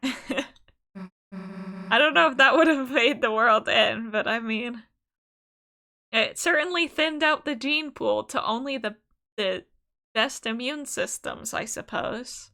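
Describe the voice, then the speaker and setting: A woman's voice: a little high, takes it slowly, gravelly, pauses often, pushed and bright. A woman streamer chatting casually over gameplay, musing aloud in a rambling way, full of fillers and loose asides.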